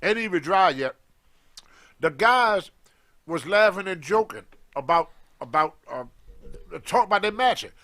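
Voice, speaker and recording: A man telling a story in casual talk, animated and acting out the voices of the people in it, with loose grammar. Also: high voice, a little slow, long pauses. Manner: animated, acts out others' voices in his stories, loose grammar. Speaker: guest storyteller, former wrestler.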